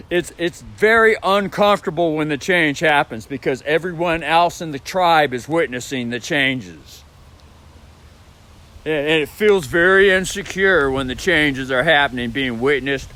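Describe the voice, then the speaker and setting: A man talks into his camera at home in a slow, drawn-out ramble. He circles back over the same points and curses casually, and his voice sits high and bright. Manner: profane, repetitive, demonstrates voice sounds. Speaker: vlogger. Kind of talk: rambling vlog monologue about voice technique. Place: indoors at home. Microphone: phone or camera mic.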